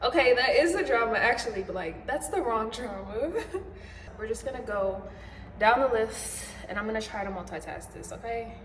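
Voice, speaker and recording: A woman's voice: on the high side, expressive, normal speed, a bit bright, reverberant, slight background noise. A young pregnant woman chatting casually while she cooks in her home kitchen, rambling and laughing often. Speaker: vlogger.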